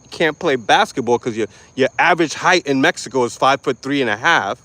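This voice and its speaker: A man's voice: mid-range voice, lively intonation, brisk, no echo. Ranting, swearing man vlogger. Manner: angry, mocking, loud and swearing. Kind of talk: profane rant to camera. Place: lives in Florida.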